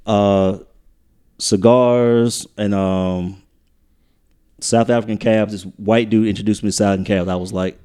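Low-voiced laid-back man telling stories. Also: steady tone, a little slow, mellow, clean tone. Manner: laid-back storytelling, trails off with uh and um. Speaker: guest. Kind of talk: casual podcast chat.

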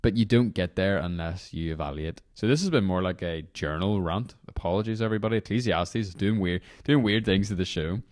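A man's voice: deep voice, brisk, few pauses, a little mellow, dry recording, studio quality. A young man hosting a devotional podcast, talking casually and reflectively with rambling, apologetic asides before leading a guided prayer.

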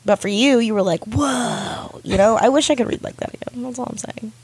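A woman co-hosting a podcast, chatting casually and reacting to the stories in a lively way. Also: a little high, fast talker, slightly rough. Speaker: podcast co-host. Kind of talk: casual chat.

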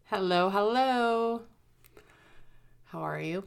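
A woman's voice: medium pitch, slow pace, creaky, clear, resonant tone. A woman as a guest on a casual podcast chat, talking in a chatty, self-conscious way and laughing easily. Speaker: podcast guest, host's wife.

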